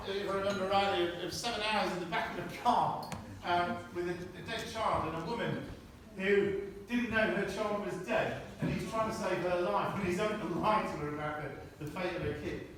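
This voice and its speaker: A middle-aged man giving an informal farewell speech to friends, halting and anecdotal, with many restarts and chuckles, recorded on a phone from across a room. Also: high-pitched, a crowd in the background. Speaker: retiring army medic giving a farewell speech. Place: indoor gathering in a historic hall at night. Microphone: friend's phone held at a distance. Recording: distant phone recording, very echoey room, audible noise. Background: room ambience of a gathering.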